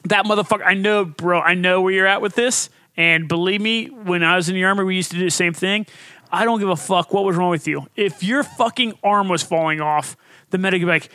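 A man co-hosting a podcast, chatting casually, swearing freely and telling animated stories. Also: sits high, quick pace, no room sound. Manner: profane, animated storytelling. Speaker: podcast co-host. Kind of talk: casual chat.

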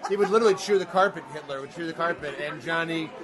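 A man's voice: on the high side, quick pace, a crowd in the background. A man in his thirties, a guest actor telling rambling, self-deprecating stories in a casual interview.

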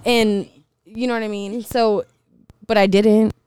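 A woman's voice: medium pitch, level tone, unhurried, a little mellow, clear, resonant tone. A young woman chatting casually as a podcast guest, laughing often and swearing freely. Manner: laughing, swearing, loose and playful. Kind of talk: casual chat.

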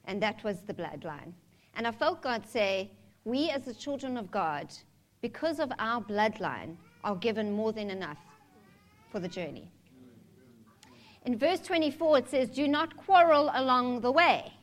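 A woman's voice: a little high, animated, unhurried. Woman preaching a candid, chatty sermon. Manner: candid, conversational preaching with humor.

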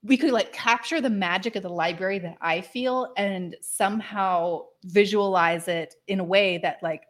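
This is a chatty woman talking in a relaxed podcast conversation, her voice sitting at an ordinary middle pitch. She rambles eagerly, peppering her sentences with "like" and breaking into laughs. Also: moderate pace. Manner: chatty and enthusiastic, heavy use of "like" fillers, laughs often. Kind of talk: casual chat.

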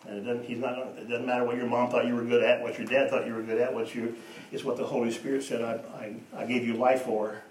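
A man preaching a sermon, telling stories and moving between hushed and emphatic delivery. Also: medium pitch, level tone, quick pace, hardly any pauses, slight background noise. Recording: echoey room, voice from a distance.

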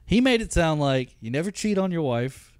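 A man's voice: fairly high pitch, big pitch swings, normal speed, smooth, dry recording, clean studio sound. A man co-hosting a casual movie-review podcast, telling scenes with profanity and mimicked quotes. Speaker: podcast co-host.

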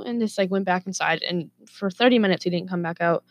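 A lower-pitched woman vlogger telling a story in an animated, profane way. She laughs at her own asides. The recording is dry and close. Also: moderate pace, dry recording. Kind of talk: casual storytelling to camera.

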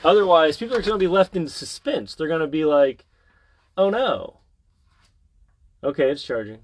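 A man's voice: a little high, lively intonation, fast talker. A man hosting a casual podcast, teasing and wry as he chats. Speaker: podcast host. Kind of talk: casual chat. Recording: faint background hiss.

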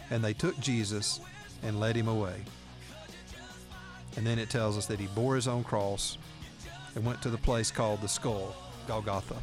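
Earnest male radio talk host. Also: medium pitch. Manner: earnest, reads scripture aloud. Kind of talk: radio talk, scripture teaching.

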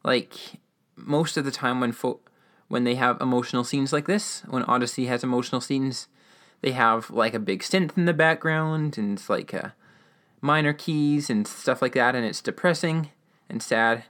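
A man's voice: medium pitch, normal speed, fairly bright tone. A man with an ordinary mid-range voice recaps an episode in a loose, rambling way. He fills gaps with "um" and "like" and breaks into keen asides about what he loves. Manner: rambling, enthusiastic, filler-heavy. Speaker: radio-drama episode reviewer. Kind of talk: casual recap.

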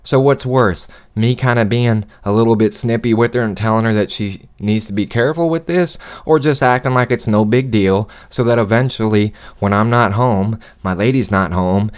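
A man in his thirties with a lowish voice rants through a casual, swear-heavy story on his home podcast. He talks from his apartment studio, worked up and animated. A lingering cough roughens him a little. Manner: animated ranting, swears a lot. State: recovering from a cough. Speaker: podcast host.

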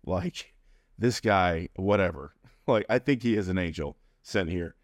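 A man telling a personal story as an interview guest, animated and acting out the people in it. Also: low-pitched, a little slow, no room sound, studio quality. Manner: animated, acts out quoted voices.

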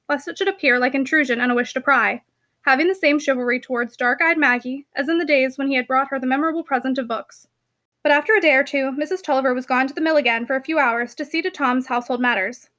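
Bright high-voiced woman narrating an audiobook. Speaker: audiobook reader. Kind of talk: audiobook narration of a classic novel.

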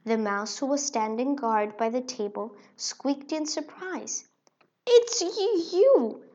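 Woman reading a kids storybook, slow n expressive, kinda muffled. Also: on the high side. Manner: expressive, slow read-aloud. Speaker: narrator. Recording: dull lo-fi recording.

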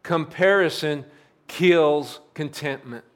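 A man telling a story during a sermon, with a voice that sits slightly high. He talks in a plain, repetitive cadence, piling up simple clauses one after another. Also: takes it slowly, clear, resonant tone. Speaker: pastor.

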